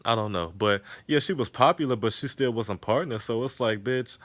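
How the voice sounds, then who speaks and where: A man recapping a TV episode in casual chat, animated and profane, often laughing. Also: medium pitch, moderate pace, no echo. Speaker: TV episode reviewer. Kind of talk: casual recap with acted-out quotes.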